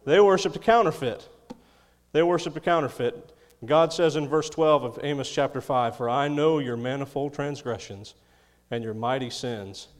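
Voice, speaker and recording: A man's voice: medium pitch, normal speed, in a large hall. A man preaching a sermon, reading scripture and adding folksy, chuckling asides. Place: church.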